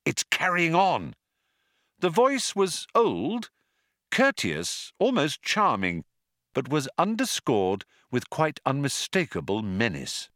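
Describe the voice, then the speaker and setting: A man narrating an audiobook in a dry, wry, unhurried storytelling manner. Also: mid-range voice, huge pitch swings, fairly bright tone, dry recording.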